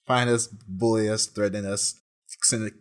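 A man's voice: fairly low pitch, steady tone, normal speed. A man co-hosting a comedy podcast, joking and rambling casually with lots of fillers. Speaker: podcast co-host.

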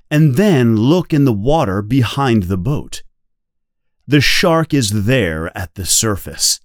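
A man reads a novel aloud slowly and clearly, pacing it for English learners. His pitch rises and falls with lively expression. The voice sits close to the mic in a dry, dead space. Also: no echo. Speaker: reader. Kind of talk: slow guided reading for English learners.

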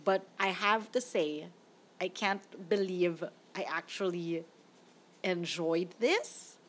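With a lowish, fairly bright voice and a slow pace, a young woman hosts a casual movie-review podcast. She is chatty and opinionated and laughs often.

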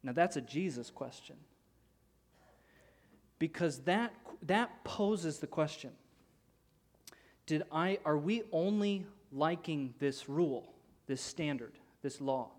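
Male pastor in his thirties, mid-high voice, animated storyteller who voices the people in his story. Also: slow, long pauses. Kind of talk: sermon story.

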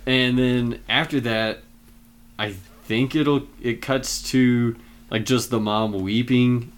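A man casually retelling film scenes in a relaxed chat, with many fillers. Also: medium pitch, takes it slowly, clean tone.

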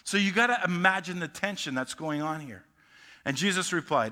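A man's voice: high-pitched, normal speed, bright, forceful tone, big-room sound. A male pastor preaching a sermon emphatically, often restarting his sentences mid-thought.

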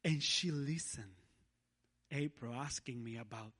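A man preaching a sermon as a guest in a church, speaking haltingly with frequent restarts and laughs. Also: mid-range voice, fairly even intonation, a bit bright.

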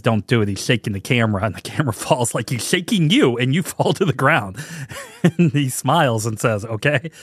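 A man in his forties hosting a podcast, rambling and joking with animated emphasis. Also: on the low side, no echo, clean studio sound. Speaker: podcast host. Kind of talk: casual chat.

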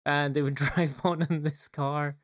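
A man's voice: fairly high pitch, flat delivery, unhurried. A man from the Isle of Lewis co-hosts a casual podcast chat. He talks in a laid-back way, laughs often and lets sentences trail off. The sound is dry and close, with no room echo. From Isle of Lewis, Scotland. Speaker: podcast co-host, teacher.

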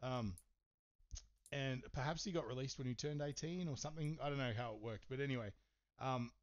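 A man's voice: mid-range voice, a little fast. A man hosting a podcast, telling a story in casual chat, swearing and rambling with lots of fillers. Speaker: podcast host. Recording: slightly dull, muffled sound.

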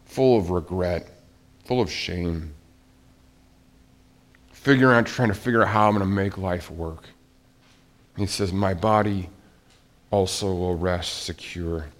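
A man preaching a sermon to a congregation, swinging between soft, hushed lines and loud, emphatic ones. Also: fairly low pitch. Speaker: pastor.

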